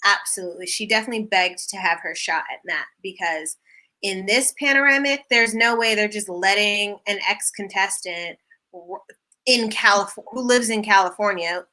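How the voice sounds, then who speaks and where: Bright, sarcastic woman co-host. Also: medium pitch, normal speed. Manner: sarcastic, exasperated, teasing. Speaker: podcast co-host. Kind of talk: casual recap chat.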